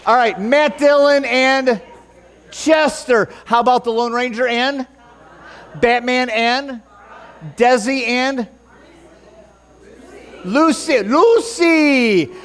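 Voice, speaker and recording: Male pastor, unhurried delivery, playful banter, church sermon. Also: very high-pitched, a bit bright. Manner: joking, chatty with the congregation; stumbles over his notes.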